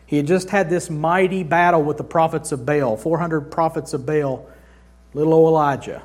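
A man's voice: a little high, fairly even intonation, moderate pace. A man preaching a sermon in a dramatic, conversational way, mixing humorous asides with vivid retellings of scripture. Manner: dramatic, acts out scripture scenes with big swings from loud to hushed. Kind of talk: sermon teaching.

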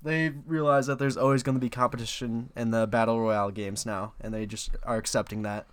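A man's voice: mid-range voice, fairly even intonation, brisk, smooth, dry recording. A young man co-hosting a podcast in casual chat, laid-back and given to short reactions, with the odd longer point. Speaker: podcast co-host.

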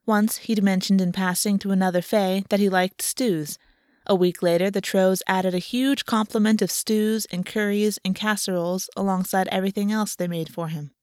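A woman narrating a fantasy audiobook in a calm, even storytelling manner. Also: medium pitch, normal speed, dry recording, clean studio sound.

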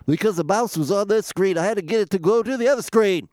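Flustered high-voiced male co-host. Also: quick pace, a little mellow. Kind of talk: casual podcast banter.

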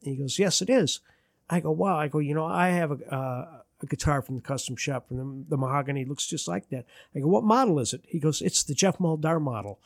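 Speaking briskly in a voice on the high side, this Detroit-area musician rambles through anecdotes in casual conversation, acting out the quotes and laughing at himself. The studio sound is clean, with no room sound.

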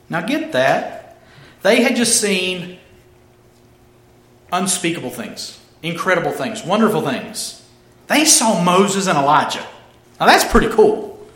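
A man's voice: fairly high pitch, big pitch swings, a little slow, a bit bright. A man preaching a casual, humorous sermon, telling the story animatedly and acting out the characters. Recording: roomy echo.

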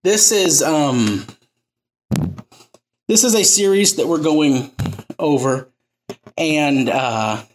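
A man's voice: a little high, lively intonation, extremely slow, pauses often, a little hiss or hum. A man preaching an informal sermon as a pastor, talking loosely and conversationally and working jokes into his teaching.

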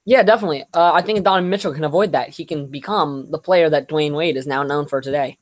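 A young man co-hosting a sports podcast, chatting casually. He talks in a relaxed, rambling way, with plenty of fillers and restarts. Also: on the high side, fast talker. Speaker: podcast co-host.

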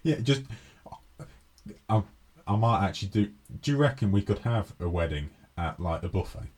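A man's voice: on the low side, expressive, normal speed, darkish tone. A man co-hosting a casual podcast, reading a news item aloud and then joking with his co-host. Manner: reads news aloud, then jokes and acts out skits. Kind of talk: casual chat.

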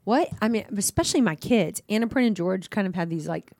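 A woman in her fifties chats and gives blunt opinions on a podcast. Her voice is mid-pitched and recorded close, with a dry, echo-free sound. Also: fast talker, vocal fry, darkish tone. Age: 50s. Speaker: podcast host. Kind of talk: casual chat.

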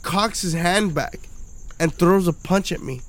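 A man's voice: high-pitched, unhurried, fairly bright tone. A drunk man telling a rambling, profane story in casual podcast chat, acting out what people said. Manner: profane, rambling, acts out quoted dialogue.

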